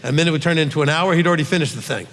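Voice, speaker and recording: Middle-aged male teacher, emphatic Q&A delivery, slightly high voice, long hall reverb. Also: very fast, a bit bright. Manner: emphatic, with frequent "okay?" check-ins. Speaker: rabbi teacher.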